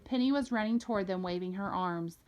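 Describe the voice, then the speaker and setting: A woman reads a novel aloud in a steady, expressive storytelling voice. She carries the narration at an even pitch, neither high nor low. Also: brisk. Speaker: reader.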